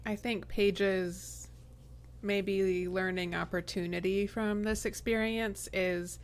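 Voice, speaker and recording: This is a woman in casual podcast chat, friendly and quick to chime in. Her mid-pitched voice carries plenty of vocal fry. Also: flat delivery. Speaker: podcast co-host.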